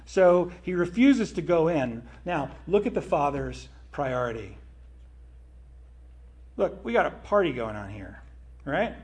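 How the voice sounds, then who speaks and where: A man's voice: fairly high pitch, sing-song, a little slow, long pauses, a little mellow. A man preaching a sermon in a conversational way, with frequent asides to his listeners.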